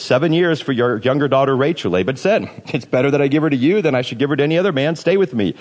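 A man's voice: fairly low pitch, a little mellow. Man preaching in a reverberant hall. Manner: casual, joking retelling with playful voices. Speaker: pastor. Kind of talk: sermon.

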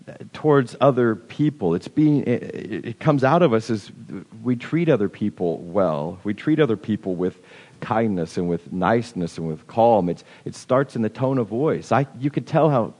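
A man giving a casual, conversational sermon as pastor, with many halting restarts. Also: mid-range voice, darkish tone. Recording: long hall reverb.

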